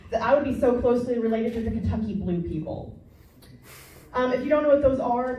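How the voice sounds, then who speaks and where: A young woman comedian works the crowd with brash, crude, self-mocking jokes in a slightly high voice. She sounds distant from the mic, and the room rings with heavy echo over faint background noise. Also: warm tone. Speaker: stand-up comedian. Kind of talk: stand-up comedy set.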